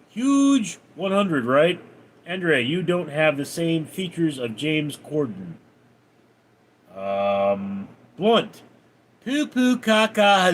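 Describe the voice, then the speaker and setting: A man's voice: fairly high pitch, a little hiss or hum. A man livestreaming, reading viewers' names and comments aloud, then answering them offhand. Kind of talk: reading out and answering live chat.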